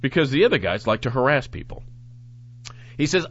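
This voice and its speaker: A man hosting a talk show, reading news reports aloud and commenting on them in a sarcastic, animated way. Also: mid-range voice, brisk, pauses often. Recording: dull lo-fi audio.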